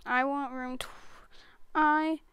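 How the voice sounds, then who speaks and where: A woman's voice: high-pitched, fairly even intonation, takes it slowly, a bit bright, no room sound. A woman giving casual, silly gameplay commentary, often breaking into giggles. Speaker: gaming YouTuber.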